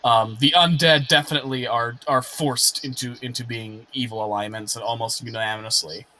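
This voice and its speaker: A man's voice: medium pitch, steady tone, a little fast, pushed and bright, low-quality recording. A man who is the game master, chatting casually about a tabletop session and explaining his characters. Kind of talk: casual post-session chat.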